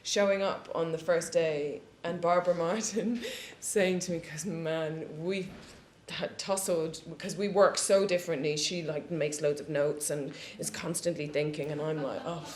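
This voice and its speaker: A woman's voice: low-pitched, fairly even intonation, measured pace, few pauses, a little mellow. A woman guest on a live panel telling candid, profane stories and often laughing. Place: studio panel discussion before an audience. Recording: roomy echo with faint background hiss.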